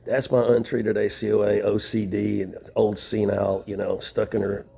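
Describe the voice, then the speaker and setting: A man's voice: lowish voice, flat delivery, moderate pace, vocal fry, darkish tone, slight background noise. A middle-aged man talking in a rambling, casual monologue from a shelter floor, venting with profanity and wry laughs. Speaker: vlogger. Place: shelter room, sitting on floor.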